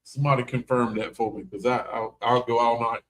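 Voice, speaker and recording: A man's voice: mid-range voice, level tone, brisk, a bit bright. A man with a North Carolina accent, co-hosting a casual live stream in a chatty, folksy, teasing way. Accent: Southern US, North Carolina. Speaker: co-host of paranormal live stream.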